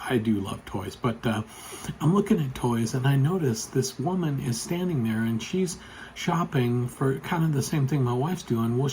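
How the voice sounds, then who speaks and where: A man telling a personal story to the camera in a casual, rambling way, full of fillers, getting loud and excited as it goes. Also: medium pitch, a little hiss or hum, rough recording. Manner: chatty, rambling, with frequent fillers. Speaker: vlogger.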